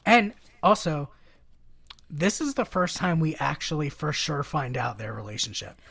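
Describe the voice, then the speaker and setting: Husky gravelly woman recapping a film. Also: low-pitched, unhurried. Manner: relaxed retelling with many fillers. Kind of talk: casual film discussion.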